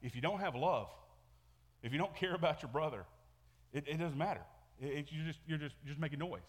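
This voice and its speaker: Male pastor, casual sermon delivery with lots of restarts, slightly high voice, echoey church hall. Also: a little fast. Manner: conversational, repeats words and restarts often. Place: church sanctuary.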